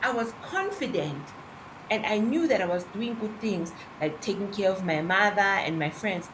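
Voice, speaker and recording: A woman with a South African accent playing a proud, nostalgic young man turned into a dog, talking lively with township slang. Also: medium pitch, normal speed, a little hiss or hum, natural voice. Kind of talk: audio drama acting.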